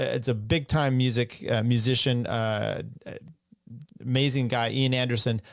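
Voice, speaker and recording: A man's voice: medium pitch, gravelly, no echo, clean studio sound. A man hosting a podcast, commenting casually and rambling between clips. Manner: loose, rambling, many uh fillers. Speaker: podcast host.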